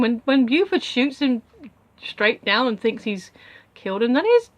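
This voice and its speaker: A woman's voice: a little high, sing-song, measured pace. A young woman casually recapping a film as a reviewer, rambling with many asides.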